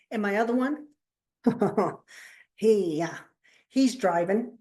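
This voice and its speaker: A woman co-hosting a podcast, chatting casually and telling animated stories, acting out the people she quotes and laughing often. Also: medium pitch, slow pace. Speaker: podcast co-host, counselor. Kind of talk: casual chat, storytelling.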